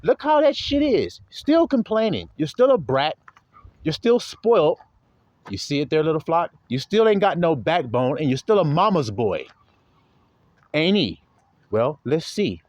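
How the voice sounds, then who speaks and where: Male bible teacher, sermon-style commentary, mocking and laughing, lively swooping pitch, fairly high voice. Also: a little slow, no echo, highs cut off. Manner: animated, mocking, laughing often.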